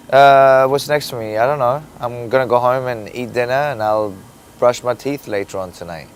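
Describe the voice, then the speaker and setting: A man from Sweden with a British-tinged accent, playing a sarcastic, deadpan MMA fighter in a comedy sketch interview. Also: mid-range voice, moderate pace, slight background noise.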